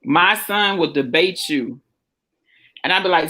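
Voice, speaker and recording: Woman unhurried mom in casual chat, emphatic, draws words out. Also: fairly low pitch, expressive, bright, forceful tone. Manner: emphatic, drawn-out delivery. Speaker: mother chatting with a friend.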